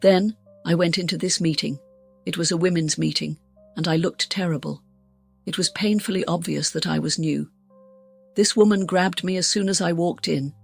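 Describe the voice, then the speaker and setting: Gravelly, husky woman telling her story. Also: on the low side. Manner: frank, blunt and self-mocking, voices her past self with urgency. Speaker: guest sharing a near-death testimony. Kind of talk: candid personal storytelling in an interview.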